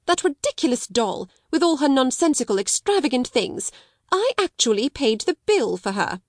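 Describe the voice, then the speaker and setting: A cold, scolding schoolmistress from a storybook, put on by a woman reading aloud. She talks in sharp, raised, forceful lines, high over the narration, in a dry, close recording. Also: big pitch swings, normal speed, no room sound, full character voice. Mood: contemptuous. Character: harsh domineering middle-aged schoolmistress.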